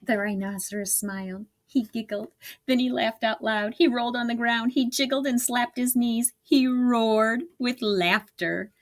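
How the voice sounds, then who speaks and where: A woman reading a storybook aloud to children, expressive and laughing along. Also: a little high, measured pace.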